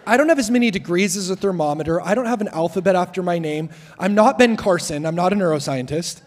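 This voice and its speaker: A young man preaching as a guest speaker, telling jokes and stories in a lively, self-deprecating way. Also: high-pitched, quick pace. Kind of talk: sermon. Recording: long hall reverb.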